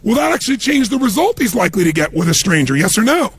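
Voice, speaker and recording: A man's voice: high-pitched, sing-song, fast talker, a bit bright, breathy edge. A man giving a motivational talk, telling stories and acting out the voices of the people in them. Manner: storytelling, acts out quoted voices. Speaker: motivational speaker.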